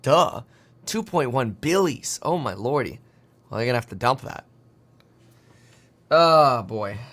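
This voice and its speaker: Man in his 30s, casual livestream host; quick, rambling, jokey delivery while working charts. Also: medium pitch, animated, a bit bright. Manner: fast, rambling, jokey, talks to himself while clicking charts. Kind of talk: casual market commentary livestream.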